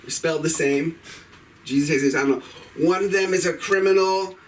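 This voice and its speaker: A man's voice: high voice, a little fast, recorded from a distance, rough recording. A man doing a rambling, irreverent stand-up set at an open mic, cursing freely. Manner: rambling, irreverent, profane delivery. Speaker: stand-up comedian. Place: comedy club stage.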